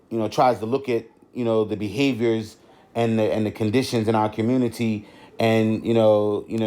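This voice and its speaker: A middle-aged man hosts a podcast, talking off the cuff with a mellow, darker tone. He rambles through restarts and leans on "you know" again and again, at a mid pitch. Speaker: podcast host. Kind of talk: unscripted podcast monologue.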